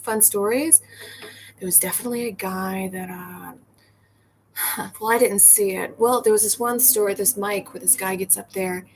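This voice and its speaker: A woman's voice: medium pitch, fairly even intonation, moderate pace, low-quality recording. Woman on a casual livestream, chatty, laughs a lot, swears freely, faint background hiss. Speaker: bartender and comedian hosting a livestream.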